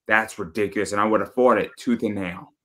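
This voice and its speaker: A man hosts a casual podcast chat, his voice sitting on the low side. He tells stories bluntly, swears freely and gets animated about small grievances. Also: fast. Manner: blunt, profane, animated storytelling. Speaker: podcast host.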